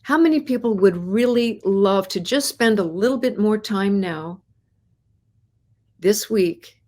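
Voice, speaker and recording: An encouraging woman hosts a live money podcast in a medium-pitched voice. She speaks straight to her viewers and asks them question after question. She often repeats words and restarts her phrases as she goes. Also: darkish tone. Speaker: host.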